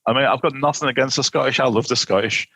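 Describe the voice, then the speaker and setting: A man's voice: mid-range voice, quick pace, sharp tone, low-quality recording. A man co-hosting a casual film podcast, talking in a rambling, playful way with many restarts. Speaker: podcast co-host. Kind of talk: casual film review chat.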